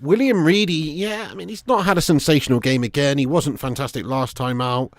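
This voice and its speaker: A man's voice: fairly high pitch, fairly quick, dry recording. A man hosting a live football watch-along, chatting casually with his viewers and swearing freely. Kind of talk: live stream commentary and chat.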